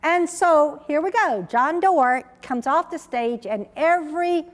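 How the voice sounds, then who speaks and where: A woman tells stories from the stage of a large lecture hall. She sounds emphatic, and her fairly high voice swoops up and down a lot. A long reverb trails behind each phrase. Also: unhurried. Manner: emphatic, animated storytelling. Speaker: researcher giving a conference talk. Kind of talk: conference keynote speech.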